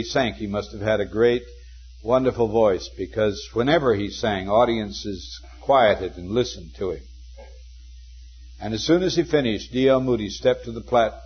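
Older male preacher, husky lo-fi sermon. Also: fairly low pitch. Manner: earnest storytelling, slows for scripture quotes. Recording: dull lo-fi sermon recording.

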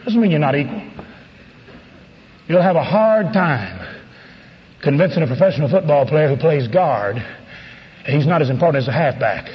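Preacher, man, middle-aged, fervent, slightly high voice, dull radio sound with long reverb. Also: expressive, moderate pace, pauses often. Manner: fervent preaching, rising to shouts at climaxes. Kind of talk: sermon.

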